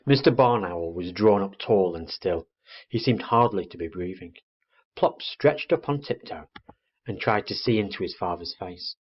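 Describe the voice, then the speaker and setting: A low, husky-voiced male teacher reads a children's story aloud with expressive storytelling. The recording is dull and lo-fi. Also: moderate pace.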